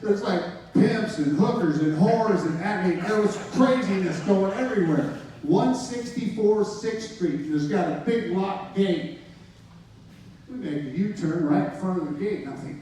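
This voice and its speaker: A man's voice: high-pitched, moderate pace, warm tone, slight background noise. A man giving a personal testimony, casual and slangy, acting out the dialogue as he tells it. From United States. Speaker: testimony speaker. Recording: echoey hall, voice from far off.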